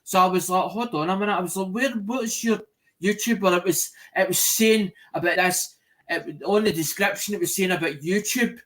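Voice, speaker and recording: A man's voice: high-pitched, moderate pace, fairly bright tone. A man in a casual group chat, telling a rambling story and repeating himself. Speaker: chat participant.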